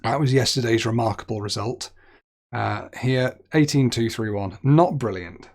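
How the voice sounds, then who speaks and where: A young man with a medium-pitched voice and moderate pace streams a geography guessing game. He chats while thinking aloud, poking fun at his own mistakes in this gaming commentary.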